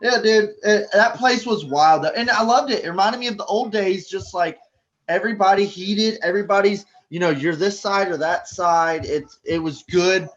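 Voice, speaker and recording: A high-voiced man chats casually on a podcast, telling stories with animation and acting out what people in a crowd said. His audio sounds dull and lo-fi, like a call recording. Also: moderate pace, fairly bright tone. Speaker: guest.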